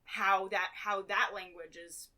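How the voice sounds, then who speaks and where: A woman's voice: mid-range voice, level tone, a little slow, bright, forceful tone. A woman playwright chatting casually as a podcast guest, talking in long run-on stretches.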